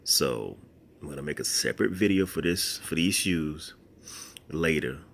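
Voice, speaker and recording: A man's voice: extremely low pitch, lively intonation, unhurried, creaky, fairly bright tone, a little hiss or hum. A middle-aged man vlogging casually to camera, swearing and laughing in disbelief while annoyed. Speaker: YouTube host unboxing a purchase.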